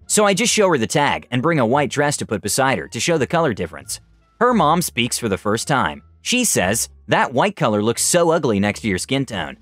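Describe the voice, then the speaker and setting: A man tells a first-person story with a lively, swooping pitch and a sarcastic edge in his asides. The sound is dry and close, and faint music plays underneath. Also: dry recording.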